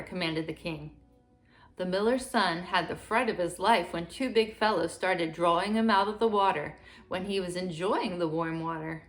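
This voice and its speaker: A woman gently reading a fairy tale aloud to children in a steady storytelling manner. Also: on the low side, moderate pace, faint music behind.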